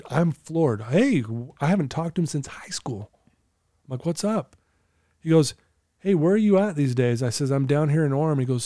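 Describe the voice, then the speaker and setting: A man's voice: medium pitch, warm tone, no echo, clean studio sound. A middle-aged man telling a personal story in casual conversation, earnestly acting out the dialogue. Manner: earnest, acts out quoted dialogue. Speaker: guest telling his story.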